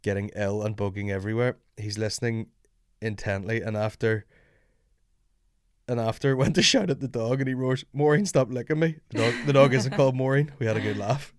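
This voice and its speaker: A man chatting casually as a podcast host, telling animated stories with plenty of swearing. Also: on the low side, a little fast, no echo, studio quality. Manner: animated storytelling, swearing, acting out voices. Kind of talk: casual chat.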